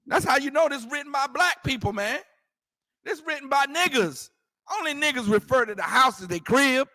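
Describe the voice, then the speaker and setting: A man's voice: very high-pitched, expressive, moderate pace, pushed and bright, no room sound, studio quality. A man teaching a scripture class, preaching emphatically in colloquial street talk and repeating his points. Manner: emphatic, repetitive, prompts reader to go ahead.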